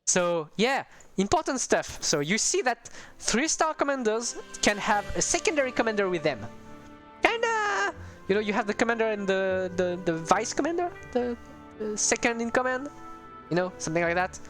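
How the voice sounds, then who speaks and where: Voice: medium pitch, big pitch swings, moderate pace, fairly bright tone, soft background music. A streamer giving casual, rambling commentary on a strategy game, talking to viewers with many hesitations.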